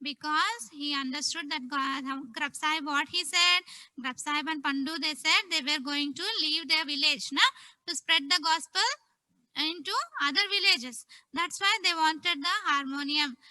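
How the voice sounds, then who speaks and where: Bright-voiced storyteller woman. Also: high-pitched, moderate pace, no room sound, rough recording. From India. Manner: animated, asks children questions. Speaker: Sunday school teacher. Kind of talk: storytelling to children.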